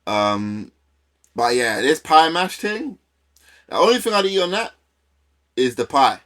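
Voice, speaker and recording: A man from London with a London accent, casually chatting and reacting to a video on a live stream in a slangy, animated way. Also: fairly high pitch, unhurried.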